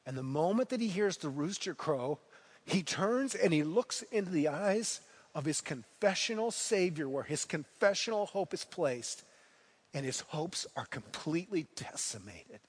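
A man's voice: fairly high pitch, expressive, unhurried, slightly rough, long reverb tail. A man preaching a sermon as pastor, retelling the story earnestly and repeating key phrases for emphasis.

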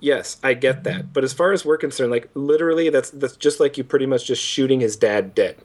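Young male podcast co-host, animated game critic, mocks lines in silly voices. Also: mid-range voice, fairly quick. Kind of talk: casual game review chat.

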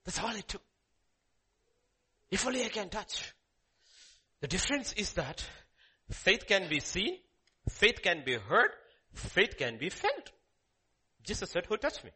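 A man preaching a sermon, emphatic and repetitive, swinging from loud calls to hushed lines. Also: sits high, wildly swooping pitch, unhurried, breathy edge.

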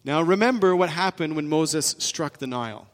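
A man preaching a sermon, with emphatic rises and soft drops in his delivery. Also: a little high, animated, moderate pace. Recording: long reverb in a large hall.

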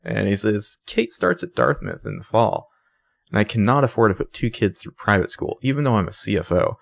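A man co-hosting a casual podcast, recapping a TV episode in an animated way, acting out lines and swearing freely. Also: fairly low pitch, fairly quick, vocal fry. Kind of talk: casual chat.

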